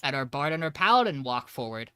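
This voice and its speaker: A man's voice: mid-range voice, sing-song, quick pace, pushed and bright, smooth, dry recording, clean studio sound. A man co-hosting a podcast, casually retelling a tabletop game session and acting out quoted lines. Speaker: podcast co-host. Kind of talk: casual storytelling recap.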